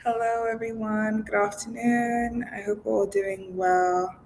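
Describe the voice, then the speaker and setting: A woman opening a panel session with a polite, measured self-introduction. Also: medium pitch, flat delivery, darkish tone, a little hiss or hum, rough recording. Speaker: panel moderator.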